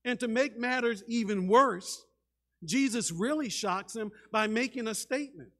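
A man preaching a sermon as a pastor, dramatic, shifting between loud and hushed delivery and often repeating words as he starts a sentence. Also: high-pitched, animated, normal speed. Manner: dramatic, acts out quoted voices, swings between loud and hushed.

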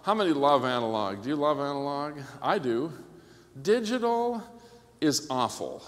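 Pastor, man, conference sermon. Higher-pitched, animated and joking, checks in with "okay?". Long hall reverb. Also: moderate pace. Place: church hall.

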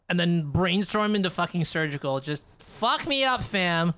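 A young adult card game player thinking aloud during a match, swearing often in frustration between calmer planning. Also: medium pitch, normal speed, hardly any pauses, slight background noise. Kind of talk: live gameplay commentary, thinking aloud.

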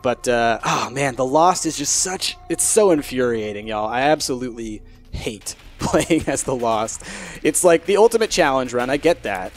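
A man giving live commentary over his own gameplay, chatty and prone to swearing, shifting from hushed focus to loud frustration. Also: mid-range voice, lively intonation, normal speed.

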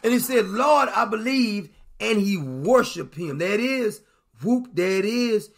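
Male preacher, high gravelly voice, folksy scripture storytelling. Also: animated, unhurried. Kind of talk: sermon.

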